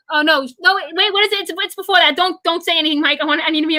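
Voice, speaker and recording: Bright, fast-talking excited young woman. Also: high-pitched, no room sound, low-quality recording. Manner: fast, excited, stumbling over words. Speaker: guest, theater fan. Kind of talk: excited livestream chat.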